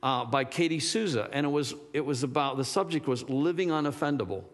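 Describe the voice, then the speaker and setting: Rambling preacher in a reverberant church. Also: male voice, mid-range voice, brisk. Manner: rambling, searching for words, rising to emphatic fervor. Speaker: pastor. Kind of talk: sermon. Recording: long hall reverb.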